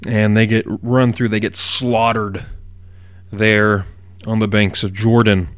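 A middle-aged man hosting a radio Bible teaching program, explaining at a measured pace and leaning hard on key words. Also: fairly low pitch, level tone, a bit bright, no echo. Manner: measured, explanatory delivery with emphatic stresses.

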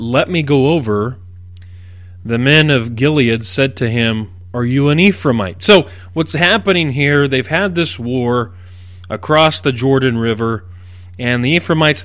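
A middle-aged man hosting a radio Bible teaching program, explaining at a measured pace and leaning hard on key words. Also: medium pitch, a bit bright, no room sound. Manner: measured, explanatory delivery with emphatic stresses.

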